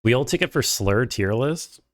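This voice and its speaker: A man streaming a game, chatting casually and reading chat aloud in a rambling, deadpan, self-deprecating way. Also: mid-range voice, unhurried, dry recording, clean studio sound. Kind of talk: casual live-stream chat while playing.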